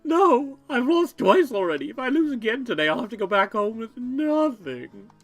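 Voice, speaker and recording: A man voicing an anxious young male contestant in a high, strained voice while reading game dialogue aloud. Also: sing-song, moderate pace, fairly bright tone, soft background music, full character voice.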